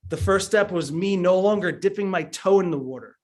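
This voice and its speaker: A man's voice: high voice, fairly quick, darkish tone. Earnest man with stammered restarts. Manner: earnest, emphatic storytelling with frequent stammered restarts. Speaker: motivational business trainer. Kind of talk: motivational talk.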